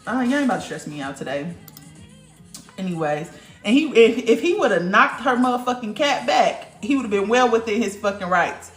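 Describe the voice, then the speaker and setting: Animated woman livestreaming in an echoey room. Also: medium pitch, a little fast, faint music behind. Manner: blunt, profane, talks straight to the chat. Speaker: livestream host. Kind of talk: casual livestream chat with viewers.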